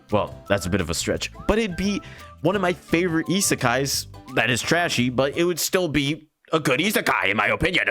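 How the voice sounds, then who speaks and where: A man's voice: on the high side, a bit bright. A young man giving a casual, frustrated anime review, often swearing and exasperated.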